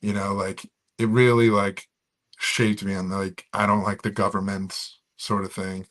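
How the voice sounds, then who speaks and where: Male stand-up comic, about 40, from florida, lowish voice, rambling, lots of fillers. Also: measured pace. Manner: rambling, filler-heavy, animated. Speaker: stand-up comedian guest. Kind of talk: casual podcast interview.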